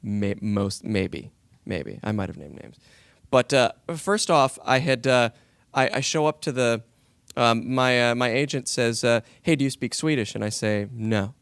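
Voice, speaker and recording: A man in his thirties spins a story as a voice actor on a panel. His voice is smooth and resonant, and the sound is close and dry. He acts out every line he quotes. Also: medium pitch, measured pace, no echo. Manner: animated anecdote, acting out quoted lines.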